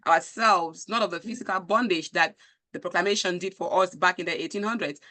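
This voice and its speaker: A woman's voice: on the low side, a little fast, pushed and bright. A woman with a Nigerian accent hosting a conversation, speaking with passion and conviction and reading out viewer comments. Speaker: show host. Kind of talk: live-stream conversation.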